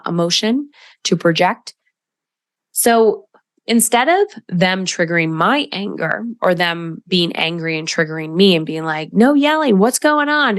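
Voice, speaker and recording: A woman's voice: fairly low pitch, dry recording. A middle-aged woman hosting a solo podcast as a coach, talking directly and emphatically and acting out quoted voices.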